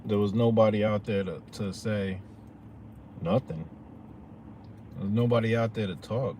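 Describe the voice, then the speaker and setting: A man's voice: fairly low pitch, steady tone, unhurried, warm tone, a little hiss or hum. A man talking to his viewers in a loose, slangy, profane rant, often asking "you know what I'm saying". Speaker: vlogger.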